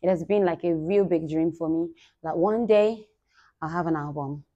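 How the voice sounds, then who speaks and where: A woman delivers a warm-hearted thank-you speech to her fans. She is effusive and laughs often, jumping from loud, bright bursts to hushed, murmured gratitude. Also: fairly low pitch, normal speed, dull audio. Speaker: singer thanking supporters.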